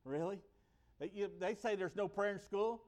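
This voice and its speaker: In a sermon delivered like a conversation, a man swells to emphatic, loud peaks, then falls back to a slow, low register.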